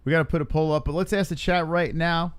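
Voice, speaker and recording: A man's voice: a little high, fairly even intonation, fast talker, clean tone. A man co-hosting a live stream, chatting casually in a joking, rambling way. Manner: joking, rambling, with many fillers. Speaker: stream co-host.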